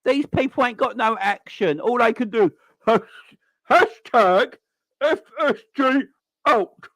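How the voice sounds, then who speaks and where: A man's voice: very high voice, takes it slowly, a bit bright, no room sound. A man hosting a football channel, ranting angrily and swearing as he mocks online fans. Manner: sweary, mocking, mimics people. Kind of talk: angry fan rant.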